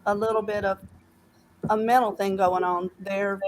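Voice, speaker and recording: A woman with a Southern accent and a medium-pitched, level voice calls in to a live stream for a casual chat. She talks earnestly but haltingly, with many fillers and restarts. The recording is low quality, with a little hiss or hum.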